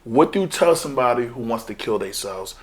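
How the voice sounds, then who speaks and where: A man's voice: medium pitch, expressive, a little fast, a loud crowd. A man hosting a casual interview, brash and profane, who takes charge of the conversation and steers his guest.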